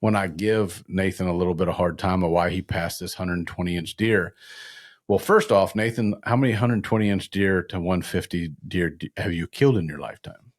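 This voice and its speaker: A man with a very low voice hosts a laid-back hunting podcast, rambling through folksy stories. His sound is dry and close, with no room around it. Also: moderate pace, dry recording. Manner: folksy storyteller, drops into playful mimicry of other hunters. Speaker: podcast host. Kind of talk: casual hunting podcast chat.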